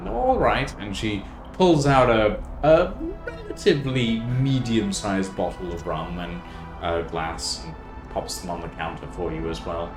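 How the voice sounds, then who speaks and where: Low slow gm guy, lots of uhs, echoey room, faint music behind. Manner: hesitant, full of fillers. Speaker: game master. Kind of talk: narrating a tabletop game.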